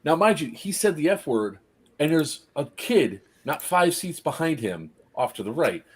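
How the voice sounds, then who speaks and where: A man telling a story casually on a live stream, animated, laughing often and acting out the people in it. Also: fairly high pitch, moderate pace, breathy edge.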